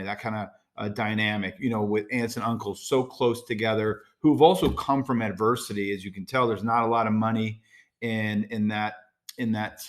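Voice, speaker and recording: A man's voice: fairly low pitch, a bit bright. Man, middle-aged, American, podcast host, casual solo talk, direct, chatty with fillers. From United States. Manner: conversational, direct, with frequent fillers and asides.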